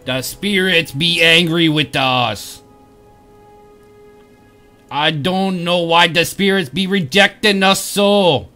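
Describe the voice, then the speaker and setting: A man voicing a solemn male troll soothsayer in a put-on Jamaican-style accent, slow and booming. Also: sharp tone, soft background music. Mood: alarmed. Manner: slow, booming, hammy delivery.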